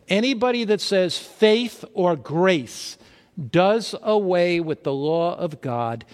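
A man preaching a sermon, reading scripture aloud and posing rhetorical questions to his listeners. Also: sits high. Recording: long hall reverb.

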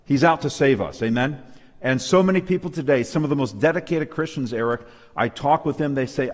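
A man's voice: medium pitch, a little fast, big-room sound. A man preaching a sermon to a church audience, emphatic and calling out for amens. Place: church hall with a live and online audience.

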